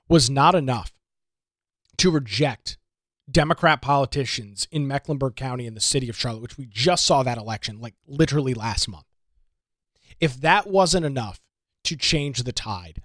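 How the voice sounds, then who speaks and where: A man's voice: medium pitch, no echo, clean studio sound. A man hosting a political talk show, delivering an emphatic, indignant monologue with lots of rhetorical repetition. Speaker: radio talk show host.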